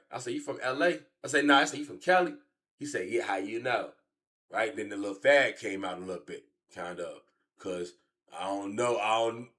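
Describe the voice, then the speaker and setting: A Chicago streamer in his late thirties rants through a casual story on stream. He's profane and rambling, his voice swinging between low muttering and loud shouting.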